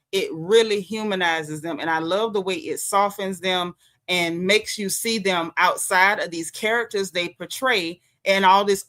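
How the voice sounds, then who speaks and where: Southern American woman host, emphatic and colloquial, bright tense tone, mid pitch. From Southern United States. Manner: chatty, emphatic, colloquial with lots of slang. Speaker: host recapping a reality show. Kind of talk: casual livestream commentary.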